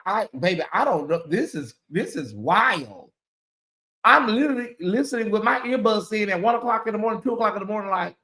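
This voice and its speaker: Chatting casually with viewers on her commentary channel, a woman exclaims animatedly and often repeats herself. She has a fairly low pitch, and the recording sounds roomy.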